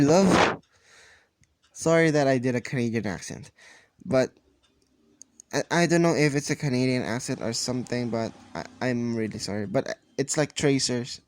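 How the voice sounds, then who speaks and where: Rambling, halting male storyteller. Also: mid-range voice, darkish tone, smooth, no echo, studio quality. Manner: rambling, halting, self-correcting. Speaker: fan storyteller. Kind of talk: casual improvised fan-story narration.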